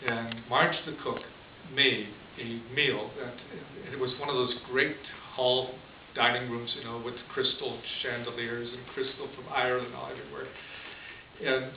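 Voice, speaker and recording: Chuckling priest in an echoey room. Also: male voice, mid-range voice, flat delivery, moderate pace, gravelly. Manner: conversational, chuckles often. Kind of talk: storytelling homily. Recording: distant echoey lo-fi room recording with hiss.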